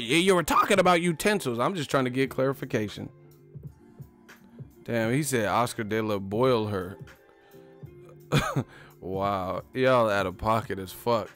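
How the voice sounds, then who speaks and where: A man's voice: medium pitch, fairly bright tone. A man hosting a boxing livestream, talking in a casual, profane, joking way and laughing often. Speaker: boxing YouTuber.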